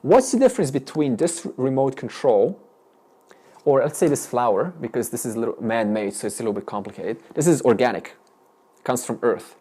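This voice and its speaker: A man's voice: mid-range voice, expressive, a little fast, warm tone, husky. A man teaching a spiritual class, firing questions at students with frequent restarts. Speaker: Vedanta teacher. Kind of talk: interactive spiritual lesson.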